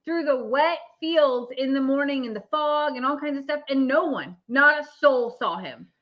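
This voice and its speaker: High bright woman cohosting, giggly and chatty, muffled lo-fi audio. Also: normal speed. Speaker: co-host. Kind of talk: casual livestream chat. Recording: dull lo-fi stream audio.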